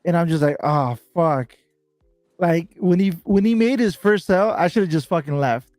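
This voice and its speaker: A man with a fairly high voice tells a story in loose, slangy talk, swearing freely and getting animated as it goes. The sound is close and dry, with no room behind it. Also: brisk, no room sound, faint music behind. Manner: animated and laughing while recounting. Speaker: bobblehead collector telling a story. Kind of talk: casual chat.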